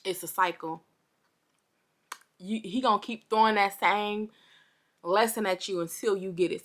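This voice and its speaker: A young woman telling a storytime vlog to her viewers, chatty and animated, a little parched and under the weather. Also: medium pitch, unhurried, pauses often. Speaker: vlogger.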